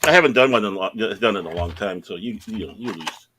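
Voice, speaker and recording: A middle-aged man co-hosting a podcast, telling rambling, animated anecdotes in casual chat. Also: lowish voice, fast talker, background noise. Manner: rambling, animated anecdotes with self-quotes and laughs. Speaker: podcast co-host.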